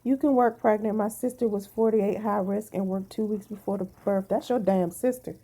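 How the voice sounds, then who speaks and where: A woman's voice: medium pitch, steady tone, moderate pace, dark tone. A woman vlogger venting to her viewers in casual talk, blunt and emphatic, swearing freely, sounding tired.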